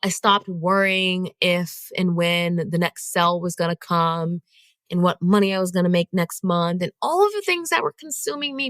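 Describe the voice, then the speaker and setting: Woman podcast host, lowish voice, animated chatty storytelling, dry close sound. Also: no echo. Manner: animated, conversational, addresses listeners directly.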